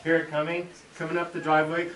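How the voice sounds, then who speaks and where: A middle-aged school superintendent telling a story to children in a classroom, lively and acting out sounds as he goes. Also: on the high side, quick pace. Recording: echoey room from far off, background noise.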